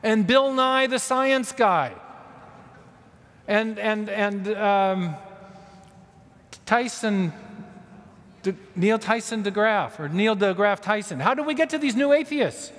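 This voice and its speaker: A man's voice: high-pitched, slow pace, long pauses, fairly bright tone. Guy giving a talk in a big church, lots of reverb, chatty asides. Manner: storytelling with asides and self-corrections. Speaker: conference speaker. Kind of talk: public lecture. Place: large church hall. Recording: long reverb of a large hall.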